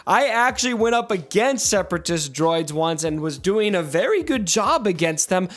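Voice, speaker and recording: A man's voice: high voice, expressive, normal speed, few pauses. A man hosting a casual gaming commentary video, talking in a playfully dramatic, mock-mournful way. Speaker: gaming YouTuber host.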